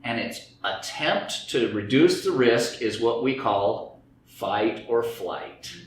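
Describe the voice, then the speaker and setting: Lecturing a group about anxiety and stress, a man voices inner thoughts as quoted dialogue. He has a mid-range, slightly bright voice, and the very echoey room carries faint background noise.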